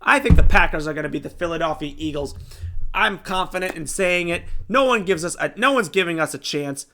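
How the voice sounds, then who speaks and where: A young man hosting a sports show, giving casual game predictions in an excitable, animated way. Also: on the high side, fairly quick, noisy background. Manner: excitable, animated fan talk.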